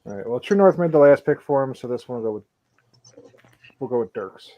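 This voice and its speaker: A woman's voice: rumbling low, lively intonation, highs cut off, heavy background noise. A woman hosting a casual sports betting podcast, reading out odds and listener picks. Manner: casual, brisk, reads out odds and listener chat. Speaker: podcast host.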